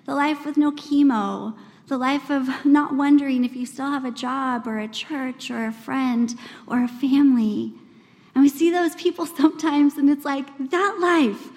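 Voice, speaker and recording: A woman in her forties preaching at a women's church gathering, earnest and conversational, acting out quoted voices with big swings in pitch. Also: normal speed, darkish tone. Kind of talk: sermon. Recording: long hall reverb.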